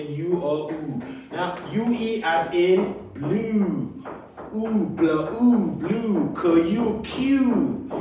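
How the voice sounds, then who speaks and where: A man teaching a phonics lesson, repeating letter sounds and example words slowly, recorded in an echoey room. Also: sits high, a little mellow, distant mic, slight background noise. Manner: slow, drawn-out repetition of sounds and example words. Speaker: reading teacher.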